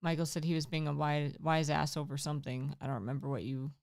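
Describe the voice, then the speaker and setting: A woman's voice: low voice, fairly even intonation, fast, vocal fry, a little mellow. A young woman co-hosting a livestream, making dry offhand remarks and reading out viewer comments. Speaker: livestream co-host reading chat. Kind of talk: casual chat. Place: home livestream room.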